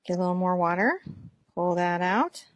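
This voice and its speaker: A woman's voice: lowish voice, expressive, normal speed, no echo. Encouraging woman teaching a painting lesson. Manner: gentle, encouraging, talks while painting. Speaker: art teacher.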